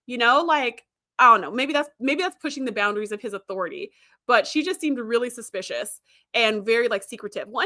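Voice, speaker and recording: A woman with a slightly high, pushed, bright voice hosts a casual livestream, reading the live chat. She's chatty and laughs often, retelling scenes and acting out quoted lines.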